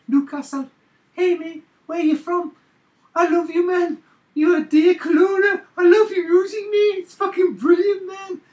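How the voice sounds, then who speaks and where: A man putting on a rowdy, gushing Newcastle lad in a shrill, shouting falsetto with a mock Geordie accent. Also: steady tone, a little slow, roomy sound, dull audio.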